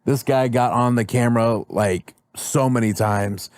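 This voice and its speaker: A man's voice: mid-range voice, unhurried, a little mellow, no echo, studio quality. A man on a podcast as a guest, laughing often while he tells a story in casual chat.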